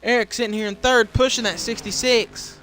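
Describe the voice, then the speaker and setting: A young man calling a sim race, voice worn from shouting, getting louder and quicker as the pack bunches up. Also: extremely high pitch, fairly even intonation, soft background music. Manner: shouts and speeds up at crashes. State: voice giving out. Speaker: race commentator. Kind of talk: excited play-by-play commentary for a sim racing league.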